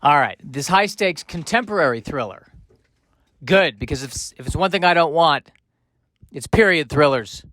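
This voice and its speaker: A man's voice: on the high side, animated, normal speed, a bit bright, dry recording. Dry-voiced joking male podcast host. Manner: joking, rambling, self-mocking asides. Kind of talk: comedic podcast monologue.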